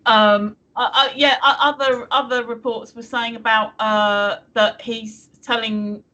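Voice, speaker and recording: A woman's voice: fairly high pitch, fairly even intonation, measured pace, bright, forceful tone. A woman co-hosting a live stream chat show, rambling through restarts and fillers and laughing often.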